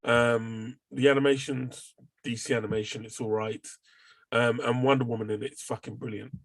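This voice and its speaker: Husky man hosting a chat podcast. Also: mid-range voice, flat delivery, moderate pace, no room sound. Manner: rambling, swearing, with many fillers. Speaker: podcast host. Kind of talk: casual chat.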